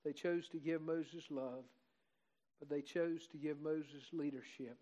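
A man's voice: on the high side, steady tone, measured pace, mellow, lo-fi sound. An older man preaching a heartfelt Mother's Day sermon, rising to fervent emphasis. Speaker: pastor.

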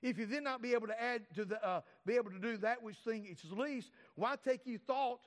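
A man preaching a sermon to a congregation, earnest, with many fillers and restarts, slowing down to read scripture. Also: extremely high pitch, in a large hall. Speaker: pastor.

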